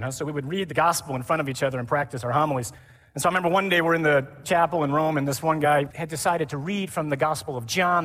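Priest guy preaching to a big crowd, lively, kinda high voice, echoey hall. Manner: lively, animated preaching with mimicry. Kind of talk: conference sermon. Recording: hall reverb.

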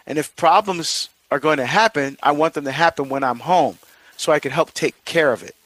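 A middle-aged man hosts a talk, telling a personal story in a rambling way full of fillers and restarts. His voice sits a little high for a man. The recording is dry and close, with no room echo. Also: moderate pace, fairly bright tone. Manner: rambling, many fillers and restarts, self-questioning. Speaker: host of a marriage series.

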